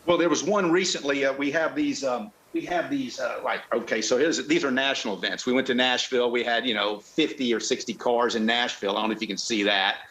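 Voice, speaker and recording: A man's voice: mid-range voice, steady tone, a bit bright, poor audio. Rambling man on a video call. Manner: rambling, halting, with many restarts. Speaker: car club guest. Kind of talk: casual chat.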